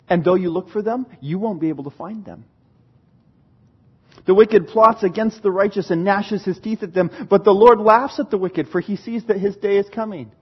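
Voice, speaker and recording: High husky guy preaching, laughs a lot, acts out quotes, kinda muffled lo-fi sound. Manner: animated, laughing, acting out quoted voices. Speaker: pastor. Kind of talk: sermon.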